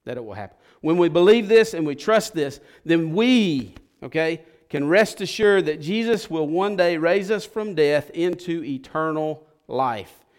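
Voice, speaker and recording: A man preaching a sermon as pastor, folksy and impassioned, swinging from hushed lines to loud ones. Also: fairly high pitch, animated, a little slow, few pauses, clear, resonant tone.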